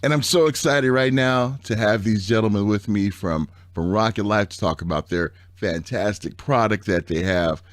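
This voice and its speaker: A man hosting a tech radio show, his voice raspy from allergies, talking in a playful, chatty way. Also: moderate pace, hardly any pauses, dry recording. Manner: playful, chatty, drops into a low murmur.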